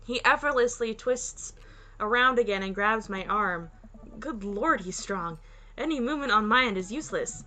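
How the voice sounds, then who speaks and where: A woman playing and reading a dating game aloud for her video channel, excitable and quick to shriek with delight. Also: medium pitch. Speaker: gaming video host. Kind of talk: let's play commentary and reading game text.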